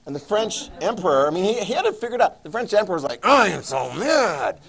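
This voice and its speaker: A man teaching a history class, animated and jokey, acting out quoted voices. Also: sits high, rapid-fire. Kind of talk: classroom lecture.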